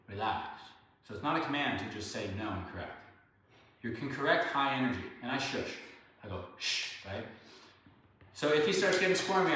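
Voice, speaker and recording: A man working as a dog trainer, calmly explaining training methods during a grooming session and praising the dogs often. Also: mid-range voice. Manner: calm explaining, praises dogs often in sing-song tones. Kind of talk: hands-on training lesson while grooming dogs. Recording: echoey room, distant mic, background noise.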